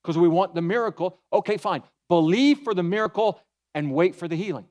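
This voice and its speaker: A pastor giving a sermon in an animated, folksy way, mixing humor into his storytelling. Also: high voice, a little fast. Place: church.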